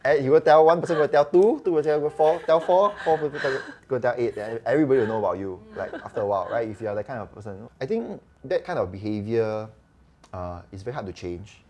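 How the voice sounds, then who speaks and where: A doctor guest with a Singaporean English accent tells stories fast in a mid-range voice, with a little hiss or hum in the audio. Chatty and animated, he acts out the dialogue as he goes in this casual podcast chat.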